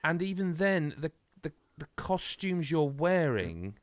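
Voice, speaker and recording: A man co-hosting a podcast in casual chat, rambling and animated with many restarts. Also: a little high, unhurried, dry recording, clean studio sound. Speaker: podcast co-host.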